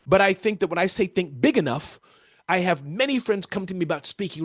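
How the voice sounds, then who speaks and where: An energetic American man giving animated interview answers as a keynote speaker, often addressing the interviewer by name. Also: sits high, brisk, no room sound, studio quality.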